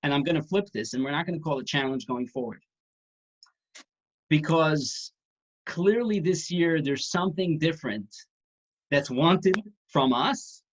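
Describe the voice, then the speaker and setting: A man's voice: a little high, measured pace, long pauses. A man casually teaching an online class, talking conversationally with restarts and the odd joke. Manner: conversational, tells jokes, restarts phrases. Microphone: video call. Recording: dull lo-fi video call audio.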